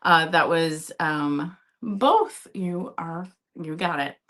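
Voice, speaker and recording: A woman's voice: deep voice, slow pace, fairly bright tone. A woman from Minnesota hosting a live vintage sale, chatting casually, laughing often and talking to her cat. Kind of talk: live-stream selling chat.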